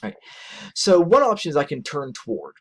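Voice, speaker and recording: A man giving a recorded lecture in a conversational, animated way, often ending points with "right?". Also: brisk, husky. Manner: animated, conversational, acts out quotes in a higher voice; frequent "right?" tag questions.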